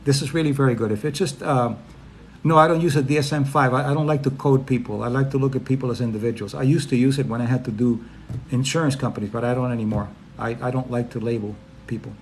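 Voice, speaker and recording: A man's voice: medium pitch, fairly even intonation, quick pace, darkish tone, slight background noise. A middle-aged man, a psychologist, answering viewers' questions in a casual live stream, talking plainly and sometimes acting out little voices to make his point.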